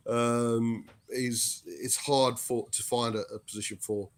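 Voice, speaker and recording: A man's voice: mid-range voice, fairly even intonation, slow. Hesitant man chatting. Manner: hesitant, restarts often, says mate. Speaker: fan guest. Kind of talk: casual chat.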